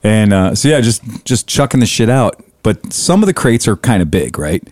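A man telling a story in casual podcast chat, swearing freely and animated. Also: fairly low pitch, moderate pace, no echo, studio quality.

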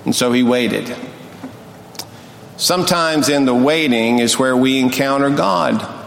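An older man preaching a sermon in a church sanctuary. He tells stories in a folksy, humorous way, sometimes quick and sometimes drawn out. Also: medium pitch. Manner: folksy, humorous storyteller, pace swings between quick and drawn out. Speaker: pastor. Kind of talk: sermon with storytelling. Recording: echoey hall, faint noise.

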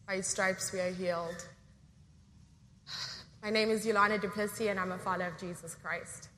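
A woman's voice: mid-range voice, steady tone, normal speed, big-room sound, heavy background noise. A woman with a South African accent, giving a heartfelt personal testimony and reading scripture in church. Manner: earnest, heartfelt.

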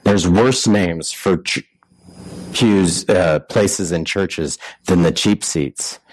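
A man's voice: low voice, slow pace, darkish tone, dry recording, low-quality recording. A man preaching a sermon in a conversational way, full of rhetorical questions and restarts. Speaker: pastor.

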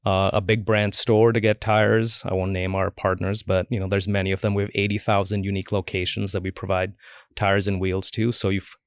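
A man in his forties speaks in a low, easygoing register as a podcast guest. He tells stories casually, slips into the voices of the people he quotes and leans on "like" as filler. The recording is close and dry, with no room sound. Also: little pitch movement, fairly quick, dry recording. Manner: chatty, acts out quoted voices, many "like" fillers. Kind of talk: casual interview storytelling.

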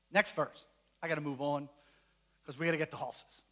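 Pastor, male, high and bright, bouncy delivery, jokes with the congregation mid-sermon. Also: moderate pace, pauses often. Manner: animated, joking, asks the congregation questions. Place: church.

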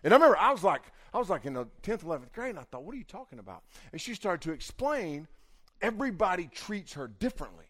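A young man preaching, telling a comic, animated story with big swings in volume. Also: high voice, fast. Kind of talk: storytelling sermon.

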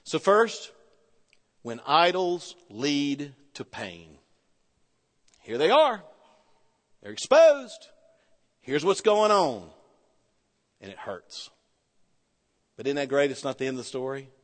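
Animated preacher in a reverberant hall. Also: male voice, on the high side, unhurried, long pauses. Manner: animated preaching, swinging from loud to hushed. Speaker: pastor. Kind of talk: sermon.

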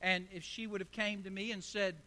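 A man's voice: sits high, little pitch movement, a little fast, bright, forceful tone. A man in his sixties preaching a sermon, telling stories with emphatic, repetitive rhetoric. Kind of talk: sermon with storytelling.

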